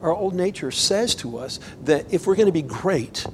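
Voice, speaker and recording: Animated man preaching a sermon. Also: sits high, moderate pace, noisy background. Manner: animated, conversational, rises to emphatic bursts. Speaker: pastor.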